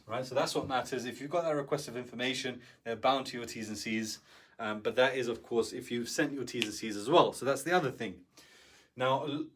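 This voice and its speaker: A man's voice: mid-range voice, fairly bright tone. A man giving an instructional talk as a business coach, speaking conversationally and often checking in with the listener. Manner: conversational, keeps checking in with "right?".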